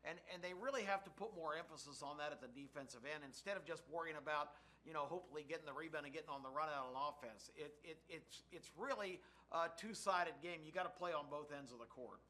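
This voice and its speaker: A man co-hosting a sports talk show, giving measured, analytical takes. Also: on the high side. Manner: measured analytical, steady explanations. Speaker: co-host.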